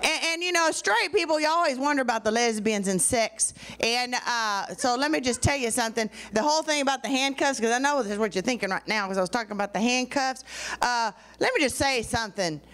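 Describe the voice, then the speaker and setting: A woman with a high voice performs stand-up. She talks in a chatty way, dragging out her words and dropping fillers between lines. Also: a bit bright. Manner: chatty, drawn-out delivery with fillers. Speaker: stand-up comedian. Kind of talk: stand-up routine.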